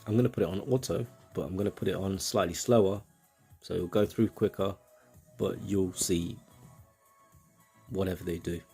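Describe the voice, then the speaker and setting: A man's voice: sits low, fairly even intonation, moderate pace, vocal fry, long pauses, dark tone, breathy edge, soft background music. A man with a British accent giving casual, rambling commentary on a game, with self-mocking asides.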